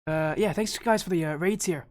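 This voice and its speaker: Slightly out of breath, a man streams as an esports caster, chatting casually with his viewers and rambling with restarts. His voice sits high and a little mellow, moving at normal speed.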